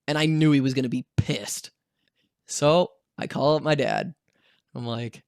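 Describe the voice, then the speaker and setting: A man's voice: on the high side, takes it slowly, vocal fry, pauses often, clean tone, dry recording, clean studio sound. Young man telling a casual storytime. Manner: animated, swears freely, acts out voices in his story. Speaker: vlogger.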